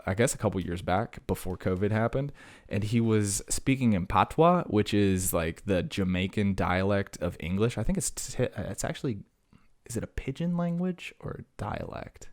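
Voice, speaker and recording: Deep-voiced man rambling casually. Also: animated, unhurried, a little mellow. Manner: rambling, jokey, self-deprecating, lots of fillers. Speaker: podcast host. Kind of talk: casual solo chat.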